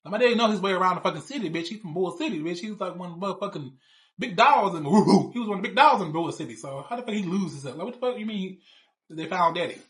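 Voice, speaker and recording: A man's voice: high voice, animated, very fast, a bit bright. A man in his thirties telling a personal story in a casual, blunt, rambling way with plenty of swearing. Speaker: show cast member.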